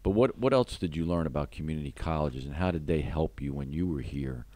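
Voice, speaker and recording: A man hosting a radio sports interview, asking long, measured questions. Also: a bass voice, darkish tone, no room sound. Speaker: radio show host, athletic director. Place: radio studio.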